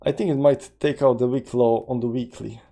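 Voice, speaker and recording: Soft music plays behind a man whose mid-range voice is gravelly and mellow, with fairly even intonation and a fairly quick delivery. Hosting a laid-back crypto trading livestream, he speaks accented non-native English, rambles over charts, and reads chat messages aloud, full of fillers.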